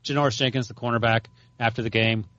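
A man's voice: mid-range voice, fairly even intonation, fast, a bit bright, no echo. A man co-hosting a casual sports chat, dropping wry, teasing asides. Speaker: podcast co-host. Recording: dry, dull lo-fi sound.

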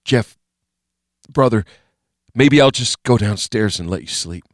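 A worn-out, loyal young man who talks softly and casually to calm a friend down, as a male narrator does him. The voice is low and close to the mic in a dry room. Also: unhurried, no echo. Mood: placating. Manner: soft, casual, placating.

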